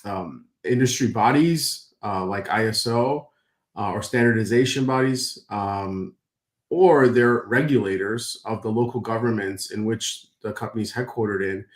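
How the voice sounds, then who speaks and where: A man's voice: on the low side, a little slow, echoey room. A man, co-host and company founder, explaining at length with many fillers and restarts.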